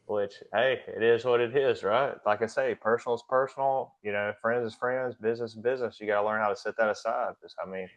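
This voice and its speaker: Plainspoken man with a low, lo-fi voice. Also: fairly even intonation, fairly quick, hardly any pauses. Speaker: guest, pressure washing business owner. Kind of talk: casual podcast conversation.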